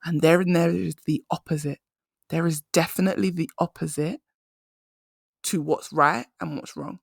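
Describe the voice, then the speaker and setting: A woman's voice: low-pitched, fairly even intonation, moderate pace, creaky, slightly rough, no echo, studio quality. Emphatic woman coaching. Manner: emphatic, storytelling, conversational. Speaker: career coach, podcast host. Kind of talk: solo podcast monologue.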